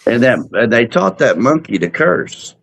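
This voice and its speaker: A man's voice: mid-range voice, normal speed, creaky, low-quality recording. A man, chatting casually and telling stories with plenty of fillers. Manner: storytelling, relaxed with fillers. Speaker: host. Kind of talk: casual chat.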